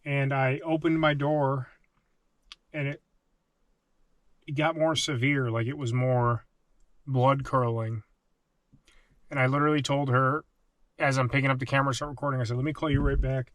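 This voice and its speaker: A man's voice: mid-range voice, flat delivery, moderate pace, pauses often, no room sound. Rambling man vlogging outdoors. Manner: rambling, frequent fillers, grows hushed and frightened. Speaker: vlogger camping in his truck. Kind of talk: casual vlog talk to camera. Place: outdoors in wooded lot, later inside truck.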